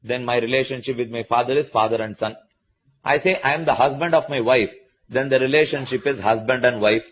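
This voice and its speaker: A man with an Indian English accent giving a slow, patient religious discourse to a listening audience, repeating key points as he explains. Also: mid-range voice, breathy edge, highs cut off. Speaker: spiritual teacher.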